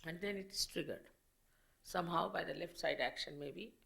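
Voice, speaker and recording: A woman giving a public spiritual lecture as a teacher, explaining slowly and in measured phrases with pauses. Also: fairly low pitch, gravelly, a bit bright.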